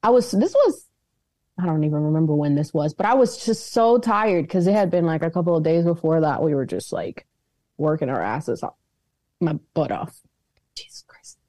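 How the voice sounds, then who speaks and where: A woman's voice: sits low, no echo. Chatty woman host on a call. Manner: animated, quick to laugh. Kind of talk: casual podcast chat. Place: home, on a video call.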